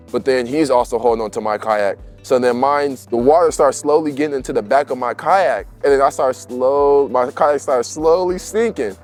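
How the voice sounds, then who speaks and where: Man telling a story in laid-back slang. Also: medium pitch. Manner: animated, laughs through the story, slangy. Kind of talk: casual storytelling.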